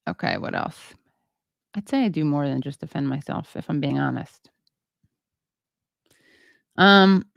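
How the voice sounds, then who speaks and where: A woman hosts a livestream and chats through viewer comments, halting and full of fillers, joking at her own expense. Her voice is low and gravelly. The sound is dry and a little dull. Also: dry recording. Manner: rambling, halting, many fillers; self-deprecating, chatty. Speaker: show host. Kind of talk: casual livestream chat reading viewer comments.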